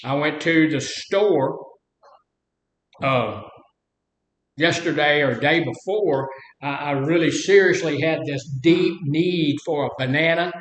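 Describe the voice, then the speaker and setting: In an echoey room, an older man with a voice on the high side leads a casual talk on anger, speaking slowly. He's a folksy, rambling storyteller who acts out the quotes in his tales.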